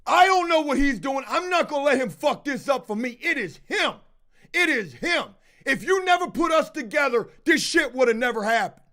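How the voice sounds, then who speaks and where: A man's voice: very high voice, expressive, moderate pace, bright, forceful tone, voice pushed up, exaggerated voice. A man quoting a defensive male worker who pleads and pushes the blame onto someone else. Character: defensive male worker blaming his coworker.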